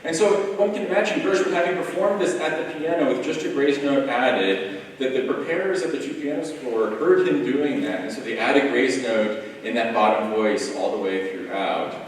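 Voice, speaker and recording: A man's voice: lowish voice, slight background noise. Man speaking from far off in an echoey hall. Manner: thoughtful, many ums and restarts. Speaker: music editor on a panel. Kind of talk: lecture-style panel talk.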